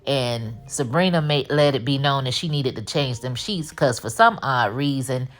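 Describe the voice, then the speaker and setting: A woman giving a casual, animated recap of a TV episode, full of slang and her own commentary. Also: rumbling low, moderate pace. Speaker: TV recap host.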